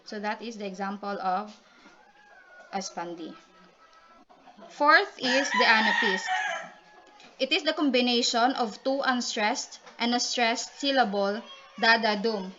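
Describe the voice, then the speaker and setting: A woman's voice: fairly high pitch, a little slow, long pauses, bright, forceful tone, slight background noise. A woman giving a class report on poetry and calling on classmates by name. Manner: explanatory, calls on classmates by name. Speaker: student reporter. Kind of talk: class presentation. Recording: dull lo-fi recording.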